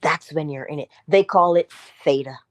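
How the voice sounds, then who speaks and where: A deep-voiced woman speaking at a moderate pace gives a motivational morning talk. Preacherly and emphatic, she addresses listeners directly with rhetorical questions, her delivery swinging between loud bursts and hushed asides in the style of an inspirational speaker.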